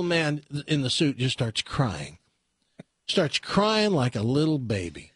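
A male radio host talks and tells jokes in a wry, storytelling way. His voice is somewhat husky and moves lively up and down. The studio sound is dry and close. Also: medium pitch, takes it slowly, no room sound. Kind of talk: casual radio talk and joke telling.

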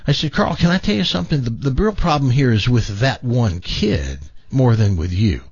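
A man's voice: medium pitch, very animated, moderate pace, a little mellow, husky, no room sound, lo-fi sound. An older man hosting a talk show, telling a long personal story with many stammering restarts. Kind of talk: storytelling in casual chat.

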